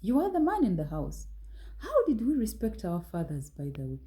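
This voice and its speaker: Warm-voiced woman scolding directly. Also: medium pitch, huge pitch swings, normal speed, low-quality recording. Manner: direct and reproving, with pointed rhetorical questions. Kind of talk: scolding motivational talk.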